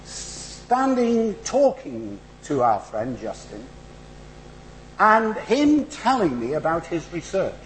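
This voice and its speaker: A man's voice: fairly high pitch, slight background noise, low-quality recording. A middle-aged man with a northern English accent preaching a sermon in church, conversational and humorous, building to emphatic rhetorical runs. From northern England. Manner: animated, rising to emphatic rhetorical build-ups; conversational, with asides and humour.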